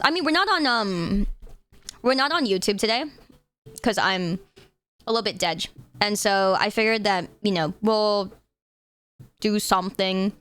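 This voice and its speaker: A woman's voice: medium pitch, fairly bright tone, no echo. A young woman streamer chatting casually with her audience on a live stream, playful and jokey, swearing freely.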